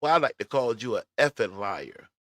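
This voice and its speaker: A man's voice: mid-range voice, animated, normal speed, fairly bright tone, no echo. A man giving blunt, profane reaction commentary on a clip, mocking and riffing on what he watches. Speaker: commentary vlogger.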